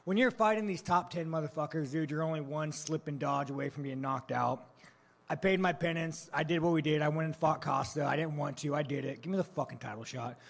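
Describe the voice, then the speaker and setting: A fighter fields press questions with a gravelly rasp and a voice sitting a little high for a man. He is blunt and profane throughout, mocking everyone around him and laughing at his own jabs. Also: a little fast. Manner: profane, blunt, provocative trash talk. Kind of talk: brash press-conference answers.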